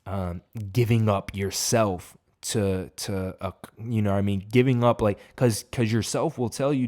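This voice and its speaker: A man's voice: fairly low pitch, steady tone, unhurried, hardly any pauses, darkish tone. A man giving a casual, profane fight reaction, rambling and emphatic. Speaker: MMA reaction host.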